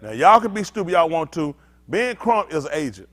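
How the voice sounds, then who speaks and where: A man preaching a sermon-style teaching with call-and-response. He talks bluntly, swinging between loud emphatic outbursts and low muttered asides. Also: very animated, brisk. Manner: blunt, street-talking preacher. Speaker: pastor.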